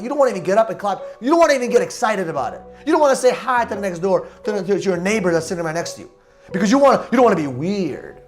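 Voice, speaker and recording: A man hosting a motivational podcast, talking in a loud, emphatic, preachy way about energy and confidence. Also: high-pitched. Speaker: podcast host.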